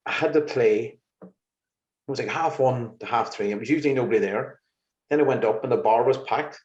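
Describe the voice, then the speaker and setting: A man's voice: mid-range voice, normal speed. A man, a musician guest on an interview, telling exasperated stories in casual chat. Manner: lively, exasperated anecdotes with laughs. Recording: roomy, slightly muffled recording.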